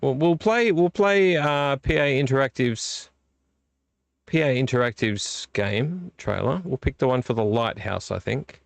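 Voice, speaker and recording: A man's voice: mid-range voice, lively intonation, a little slow, vocal fry, no echo. A middle-aged man, hosting a casual live-stream vlog in a rambling, easily distracted way. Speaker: vlog host.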